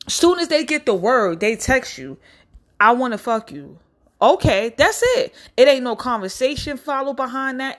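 Blunt, profane young woman ranting. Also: a little high. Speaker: vlogger. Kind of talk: casual rant to camera.

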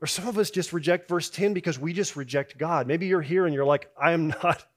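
A pastor preaches to his congregation in a relaxed, conversational way. His voice sits a little high for a man, and he lets it fall quiet on the lines he wants to land. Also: brisk. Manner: conversational preaching, drops soft on key lines, rises when voicing doubts. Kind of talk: sermon.

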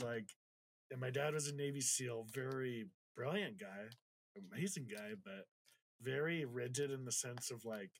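A man of average pitch tells a personal story in relaxed, casual conversation. He speaks candidly, swears without a second thought, and gets emotional as he goes, acting out the voices of the people in his story. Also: a little hiss or hum. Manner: candid, swears freely, acts out quotes; reflective, gets emotional while recounting.

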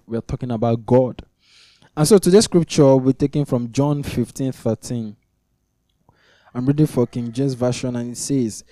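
A man's voice: medium pitch, mellow, dry recording, clean studio sound. A man preaching a teaching sermon, earnest and repetitive, building to emphatic peaks. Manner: earnest, repeats key phrases for emphasis. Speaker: preacher leading a weekly teaching meeting.

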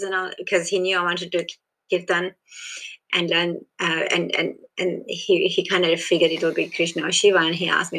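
Woman, South African Indian accent with some Australian, bright tone, rambling interviewee. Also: fairly low pitch, steady tone, moderate pace, low-quality recording. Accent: South African Indian, mixed with Australian. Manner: rambling, restarts often, laughs softly. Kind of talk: casual conversational interview.

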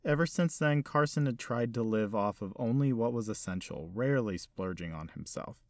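A man reading a story aloud in a measured, steady storytelling manner. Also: medium pitch, no room sound, clean studio sound. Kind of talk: scripted narration.

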